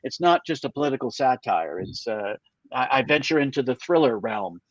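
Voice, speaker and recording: A man's voice: medium pitch, animated, normal speed, no room sound. A man from Canada, an author introducing his novel in a casual, hesitant way with many fillers. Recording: dull dry lo-fi recording.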